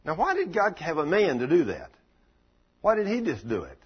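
A man's voice: a little high, wildly swooping pitch, moderate pace, husky. A man preacher giving a folksy sermon, telling stories and asking rhetorical questions. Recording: lo-fi dull recording.

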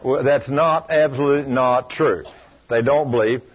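A man's voice: mid-range voice, fairly even intonation, moderate pace, husky. A man preaching a sermon, telling stories emphatically and asking the congregation rhetorical questions. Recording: dull lo-fi recording.

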